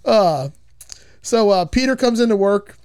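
Laughing, foul-mouthed film recapper. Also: male voice, high voice, unhurried, clear, resonant tone. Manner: laughing, swearing, animated retelling. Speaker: podcast host recapping a film. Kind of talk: casual chat.

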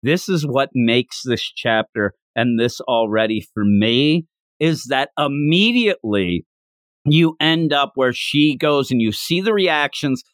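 A man's voice: mid-range voice, expressive, unhurried, dry recording, studio quality. A man co-hosting a casual chat, animatedly retelling scenes and acting out the lines. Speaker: podcast co-host. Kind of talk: casual chat about a manga chapter.

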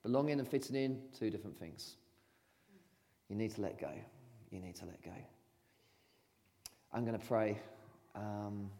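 A man preaching in a church, talking casually with laughter and then gently inviting people to respond. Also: on the low side. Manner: chatty, laughing storyteller turning gentle and pastoral. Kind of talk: sermon. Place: church hall. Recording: long church reverb.

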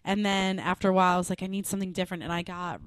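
A woman's voice: fairly low pitch, fairly even intonation, rapid-fire, dry recording. A woman co-hosting a podcast, chatting casually and bluntly, swearing freely. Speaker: podcast co-host. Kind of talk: casual chat.

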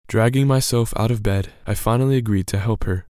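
A man narrating a scripted devotional story in a measured, earnest way. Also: on the low side, dark tone, no echo, clean studio sound. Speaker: podcast narrator.

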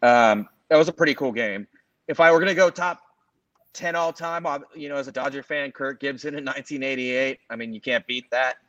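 A man's voice: mid-range voice, fairly quick, fairly bright tone, no echo. Man, forties, casual sports talk, rambling, self-correcting, dull dry lo-fi sound. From Los Angeles area. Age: 40s. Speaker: podcast co-host.

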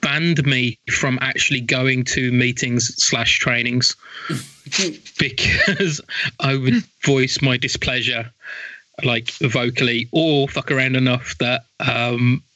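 A man in casual chat, blunt and sweary, talking in an animated way. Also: mid-range voice, takes it slowly, dry recording, lo-fi sound.

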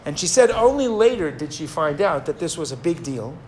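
A man teaching a Torah class, telling a story in an animated, digressive way and acting out the people in it. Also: fairly high pitch, a little fast. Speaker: rabbi teaching.

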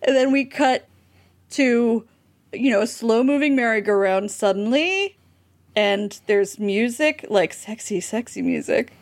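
A woman's voice: a little high, measured pace. A woman co-hosting a podcast, recapping a TV episode in casual chat and laughing often. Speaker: podcast co-host.

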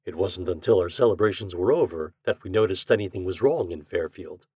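A man reading a story aloud as a podcast narrator, with an expressive reading style. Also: low-pitched, a little fast, breathy edge, no echo, clean studio sound. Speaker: podcast reader.

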